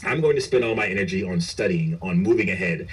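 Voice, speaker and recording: A middle-aged man, a police chief, telling his story in an interview, earnest and halting with frequent restarts. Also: low voice, a little hiss or hum. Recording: recorded far from the mic.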